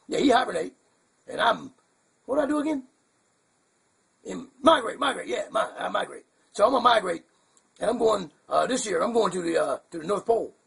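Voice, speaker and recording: A man's voice: sits high, expressive, a little fast, creaky, long pauses, fairly bright tone, husky, exaggerated voice. A man voicing a goofy, confused male bird puppet who rambles in a muddled, chuckling way on a puppet comedy show. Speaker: hand puppet co-host.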